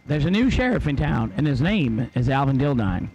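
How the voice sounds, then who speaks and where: A man calling drag race results and lane calls in a brisk, joking way. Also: medium pitch, sing-song, a little mellow, slight background noise.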